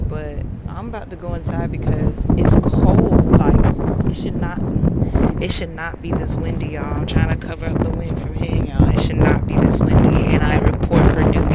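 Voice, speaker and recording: A woman's voice: on the low side, very noisy. Chatty young woman vlogging on her phone. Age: young adult. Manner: chatty, playful, talks straight to viewers. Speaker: college student vlogger. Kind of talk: casual vlog chat to camera. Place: outdoors on a windy day, then in a car.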